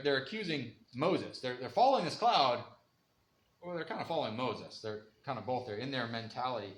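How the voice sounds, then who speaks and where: With lively intonation and a brisk pace, a medium-pitched man gives a casual Bible lesson in a church room. He laughs a lot and does voices for the people he quotes, and the echoey space carries faint ambient sound.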